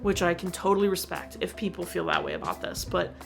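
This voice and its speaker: A woman's voice: on the low side, expressive, quick pace, creaky, faint music behind. A young woman reviewing a movie in a casual, gushing and emotional way, with lots of "like" fillers.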